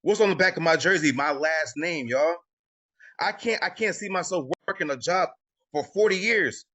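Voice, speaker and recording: A man's voice: on the high side, normal speed, sharp tone. A man coaching a live group call, emphatic and repetitive, often tacking on "y'all". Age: adult with children. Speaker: credit coaching host. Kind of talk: motivational coaching talk on a live video call.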